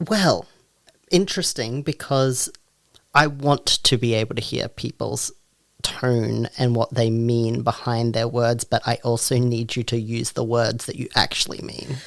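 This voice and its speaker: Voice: mid-range voice, fairly even intonation, unhurried, gravelly, dry recording. Frank podcast co-host, dry close sound. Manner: frank and direct, with rising exclaimed asides. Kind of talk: casual podcast chat.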